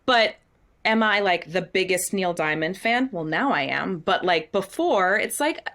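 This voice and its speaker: A woman in her thirties, a stage actress, telling stories in an interview in a candid, animated way, acting out quotes and laughing often. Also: lowish voice, measured pace. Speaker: guest, Broadway actress.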